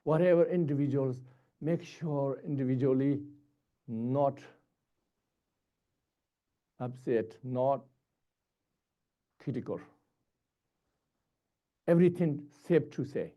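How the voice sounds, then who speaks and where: A man giving a Buddhist dharma teaching in short, halting, repetitive phrases. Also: mid-range voice, dull audio.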